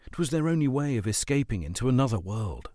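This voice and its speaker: A man narrating a children's adventure story as an audiobook, with expressive storytelling. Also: mid-range voice, fast, no room sound, clean studio sound.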